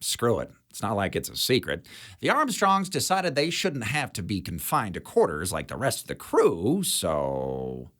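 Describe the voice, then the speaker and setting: A man's voice: fairly low pitch, huge pitch swings, a little slow, fairly bright tone, pitched above the performer's own voice, full character voice. A man voicing a blunt, jaded female security chief who smokes and talks in a dry, sardonic way.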